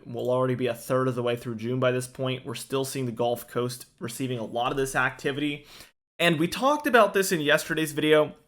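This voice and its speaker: A male weather forecaster narrates maps in an easygoing, chatty way. His voice sits at an ordinary middle pitch, and he often restarts words and fills gaps with "uh". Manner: relaxed, talkative, many fillers and restarts.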